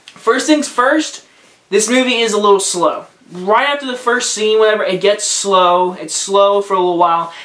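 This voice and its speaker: A man's voice: sits high, fairly bright tone. Rambling young man in a roomy room. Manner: rambling, repeats himself, many "like" fillers. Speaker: movie reviewer. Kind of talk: casual spoken movie review. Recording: roomy echo.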